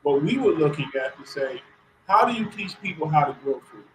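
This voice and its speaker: A man being interviewed as a community organizer, talking in an earnest, measured way. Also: fairly high pitch, animated, a bit bright, slight background noise, low-quality recording. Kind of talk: radio interview answer.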